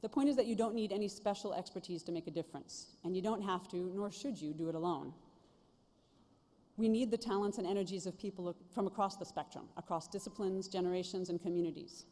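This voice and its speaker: A woman's voice: medium pitch, quick pace, dark tone. A middle-aged woman giving a commencement speech from a stage, earnest and self-deprecating, speaking at a podium microphone. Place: large ceremony venue stage. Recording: reverberant hall sound.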